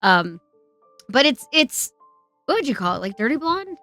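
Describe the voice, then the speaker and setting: A woman's voice: high-pitched, big pitch swings, normal speed, bright, forceful tone, no room sound, faint music behind. A young woman streamer rambling in casual chat, swearing often and laughing as she talks. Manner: laughs a lot while talking. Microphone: wearing earbuds.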